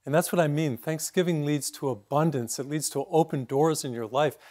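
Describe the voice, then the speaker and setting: A man's voice: fairly high pitch, brisk. Priest in his sixties preaching a sermon. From Massachusetts. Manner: storytelling, steady and reflective.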